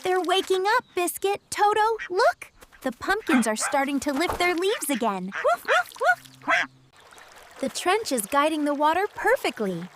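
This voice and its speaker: A woman voicing a kind young girl in a children's cartoon, speaking in a gentle, praising and encouraging way. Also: very high voice, very animated, measured pace, very noisy, heavily acted.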